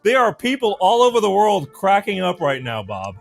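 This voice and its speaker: A man's voice: high-pitched, normal speed, vocal fry, faint music behind. A man hosting a casual late-night talk show, rambling and telling jokes. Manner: rambling, animated, joke-telling. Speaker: show host.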